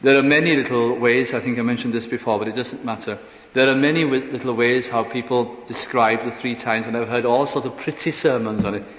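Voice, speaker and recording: A man preaching a sermon earnestly, asking rhetorical questions and dropping into soft asides. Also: medium pitch, fairly even intonation, a little fast. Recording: dull echoey hall recording.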